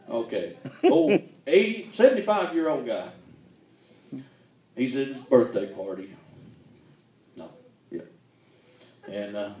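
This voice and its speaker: A man's voice: medium pitch, a little mellow. A man telling folksy jokes in a stand-up style, laughing at his own punchlines. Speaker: comedian. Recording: echoey room, distant mic.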